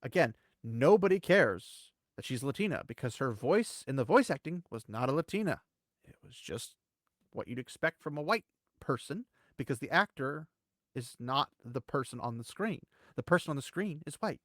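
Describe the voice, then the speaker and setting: A man co-hosting a casual commentary chat, rambling and animated, swinging between loud bursts and quiet asides. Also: medium pitch, moderate pace, no echo, clean studio sound. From United States. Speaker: co-host.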